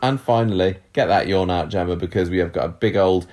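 A man co-hosting a casual podcast, chatting and reading out listener messages with quick asides. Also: sits low, a little mellow. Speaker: podcast co-host.

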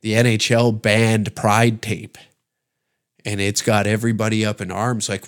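A man's voice: fairly low pitch, level tone, a little slow, smooth. A man from Canada hosting a comedy podcast, ranting in a rambling, sarcastic, profane way with many restarts. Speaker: podcast host.

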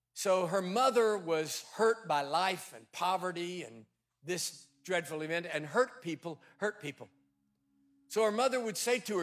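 Guy with a high voice preaching, telling a long story, soft music under it. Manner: acts out quoted voices in story. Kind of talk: sermon storytelling.

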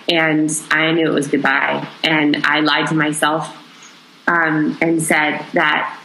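A young adult woman, an interview guest, recounting a personal story in an emotional, halting way with many pauses. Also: low-pitched, gravelly, pushed and bright, slight background noise. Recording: roomy echo.

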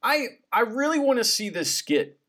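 Animated rambling podcast guy. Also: extremely high pitch, moderate pace. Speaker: podcast co-host. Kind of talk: casual podcast chat.

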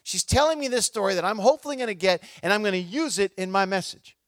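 High-voiced man preaching a sermon. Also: fast talker, no echo. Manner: conversational and animated, acts out the people in his stories. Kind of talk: sermon with personal storytelling.

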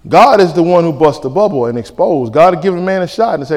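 A male pastor preaching a sermon, lively and colloquial, acting out back-and-forth dialogues. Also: fairly high pitch, quick pace. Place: church sanctuary. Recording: reverberant church hall.

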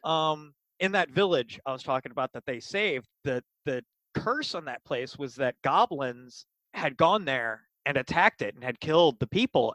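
A game master talking casually and with enthusiasm about running games for kids, animated and full of fillers. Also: mid-range voice, no room sound, low-quality recording. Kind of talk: casual interview storytelling.

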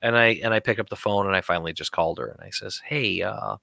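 A man's voice: deep voice, racing, creaky, pushed and bright, no room sound. A man co-hosting a talk show, ranting bluntly and heatedly about politics and money.

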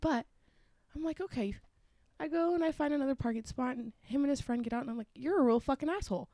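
A young woman co-hosting a casual chat, telling a crude, animated story with plenty of swearing. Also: high-pitched, fast talker, no echo, studio quality.

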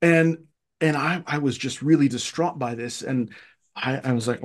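A middle-aged man of Armenian family raised in Egypt, a guest casually telling childhood stories, restarting phrases and getting animated when he quotes himself. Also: brisk. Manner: animated, repeats words as he restarts, rising pitch when quoting himself. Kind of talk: casual conversational storytelling.

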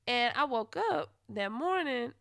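A woman's voice: on the high side, expressive, unhurried, gravelly, no echo. Blunt, profane woman host, dry sound. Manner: blunt and profane, swings into loud heated retellings. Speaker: podcast host. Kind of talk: candid storytelling monologue.

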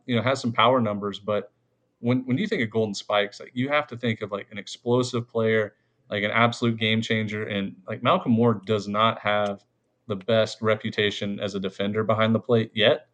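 A man's voice: fairly low pitch, fairly bright tone. A man hosting a sports podcast, talking loosely with lots of fillers and easy laughs. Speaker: podcast host. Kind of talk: casual sports chat.

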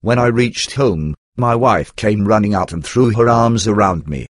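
A man narrating a first-person memoir in a measured, earnest storytelling manner. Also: on the low side, no echo, clean studio sound.

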